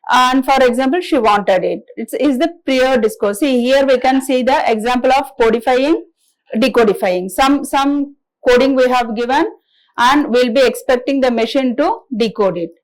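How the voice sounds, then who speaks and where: A woman giving a recorded classroom lecture in a halting, explanatory way, with frequent restarts. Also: high voice, rough recording. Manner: halting explanatory delivery, many restarts and fillers.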